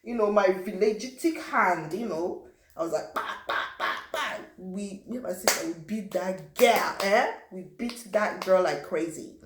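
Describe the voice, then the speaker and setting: A young woman from Africa recounts her own story, animated and vivid. She acts out the voices of others and adds sound effects as she goes. Her voice sits at a middle pitch, and the recording carries a roomy echo. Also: measured pace. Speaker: vlogger. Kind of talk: personal storytelling.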